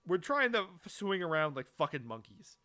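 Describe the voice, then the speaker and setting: A man's voice: on the high side, sing-song, a little fast, sharp tone. A young man co-hosting a podcast, chatting casually, swearing freely and rambling with restarts. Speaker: podcast co-host. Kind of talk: casual chat.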